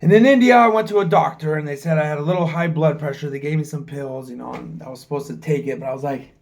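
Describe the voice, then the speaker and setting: A man's voice: a little high, quick pace, creaky, soft background music. A man in his forties from the United States, talking frankly to his own camera in a rambling vlog and swearing freely. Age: 40s. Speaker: travel vlogger. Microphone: camera mic, filming himself.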